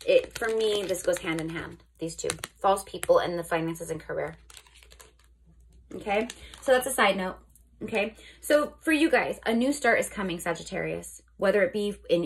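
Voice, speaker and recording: A woman's voice: mid-range voice, slight background noise. A woman giving a casual tarot reading to her viewers, chatty and often checking in with "okay?", restarting and correcting herself as she goes. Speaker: tarot reader.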